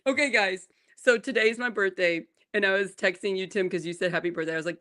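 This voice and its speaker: A woman in her forties, co-hosting a morning show, telling a family story in a lively way and laughing often. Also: mid-range voice, fast. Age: 40s. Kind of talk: casual chat.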